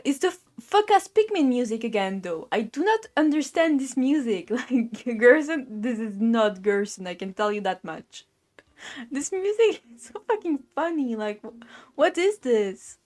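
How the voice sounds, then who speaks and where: A young woman with a fairly high voice gives loose, giggly commentary over a game, reading dialogue aloud between her own asides. She swears casually and laughs between thoughts, while faint game music plays underneath. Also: darkish tone. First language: French. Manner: giggly, swears freely, chatty and playful. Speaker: let's play streamer.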